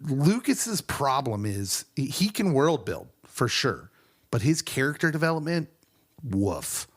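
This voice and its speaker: Male podcast co-host, lively pitch, casual chat, quick to laugh. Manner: animated, laughs often.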